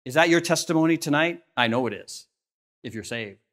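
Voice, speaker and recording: An expressive, brisk Canadian pastor preaches earnestly in a church sanctuary, his Canadian English accent clear. His pitch climbs on questions and sinks low and soft when the lines turn solemn.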